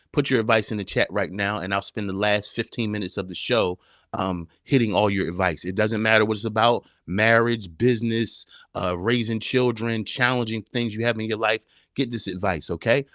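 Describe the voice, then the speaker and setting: A man's voice: fairly low pitch, fairly even intonation, moderate pace, a bit bright, dry recording, studio quality. A man hosting a live-streamed podcast, talking in an emphatic, preacher-like way and firing off repeated rhetorical questions. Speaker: podcast host. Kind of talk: live-streamed motivational talk.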